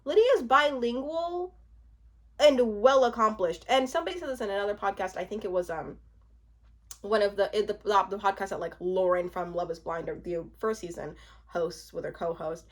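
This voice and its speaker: A woman's voice: medium pitch, normal speed. A woman in her twenties giving casual, chatty commentary on a reality show, laughing often and trailing off into restarts. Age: 20s.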